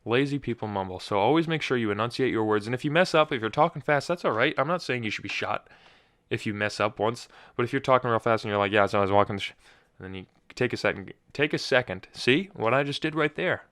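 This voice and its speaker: A man's voice: medium pitch, expressive, quick pace, a bit bright, no room sound, clean studio sound. A young man hosting his own podcast in casual solo chat, rambling and often restarting his sentences. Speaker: podcast host.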